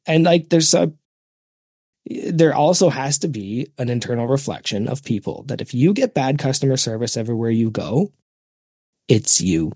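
A man's voice: medium pitch, animated, normal speed, a little mellow, dry recording, studio quality. A man co-hosting a casual podcast, blunt and fond of acting out both sides of an exchange. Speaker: podcast co-host.

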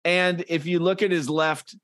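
Animated man hosting a comedy chat. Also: mid-range voice, a little slow, no echo, studio quality. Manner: animated, reads comic panels aloud, laughs often. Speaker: podcast co-host.

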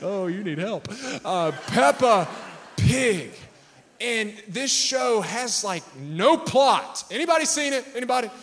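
A man's voice: high-pitched, expressive, takes it slowly, a bit bright. A man in his thirties preaching a sermon with energy, humor and call-outs to the congregation. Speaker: pastor.

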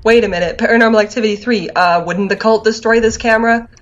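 A woman's voice: on the high side, fairly even intonation, fast, highs cut off. A woman co-hosting a podcast in casual chat, ranting wryly and laughing often. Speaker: podcast co-host.

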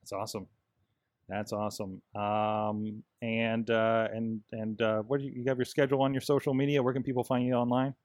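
A man's voice: on the low side, flat delivery, a little fast, a little mellow, dry recording, studio quality. A man co-hosting a casual wrestling podcast, rambling with lots of fillers and restarts. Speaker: podcast co-host.

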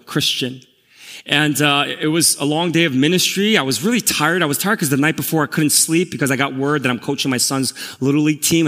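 A middle-aged pastor telling a personal story in a sermon, candid and self-deprecating, growing animated. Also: male voice, medium pitch. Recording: long reverb of a large hall.

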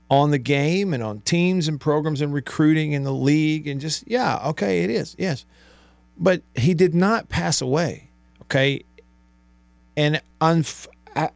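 A man hosting a sports talk radio show in a studio, animated and exasperated, asking rhetorical questions. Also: fairly high pitch, gravelly, dry recording. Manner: animated, exasperated, rhetorical, rising to near shouts. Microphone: studio microphone.

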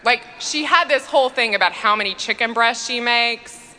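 Bright-voiced woman telling comic stories. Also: a little high, normal speed. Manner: chatty comic storytelling, frequent fillers. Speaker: priest and speaker. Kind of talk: humorous conference talk. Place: church. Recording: long reverb in a church.

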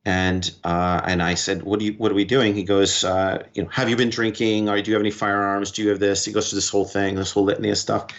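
A man telling a personal story as a podcast guest, in quick short bursts that quote back and forth what was said. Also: fairly low pitch, flat delivery. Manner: recounts events in quick short bursts, quoting dialogue. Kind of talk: conversational storytelling. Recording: dull lo-fi recording.

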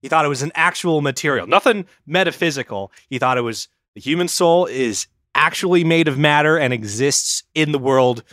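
A man's voice: on the high side, expressive, moderate pace, hardly any pauses, fairly bright tone, no room sound, clean studio sound. A man telling a history story on a casual podcast, rambling and swearing now and then.

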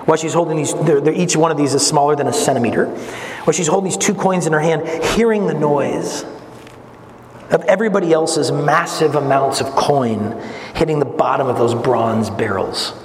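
Earnest preacher in an echoey hall. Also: male voice. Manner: earnest, rising to emphatic peaks then dropping low and quiet; gestures while speaking. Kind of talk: sermon. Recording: echoey hall with long reverb, faint noise.

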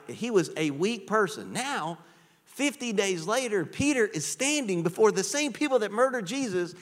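A man preaching a sermon as pastor, animated and conversational, with frequent rhetorical questions to the congregation. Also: on the high side. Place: church sanctuary. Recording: church hall with long reverb.

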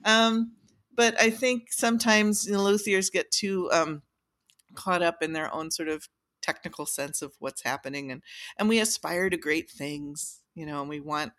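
A woman's voice: on the low side, steady tone, moderate pace, fairly bright tone. A woman who makes violins, telling a workshop story in casual chat, with lots of fillers and restarts. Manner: chatty, many fillers and restarts, laughs often. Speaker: violin maker, podcast guest.

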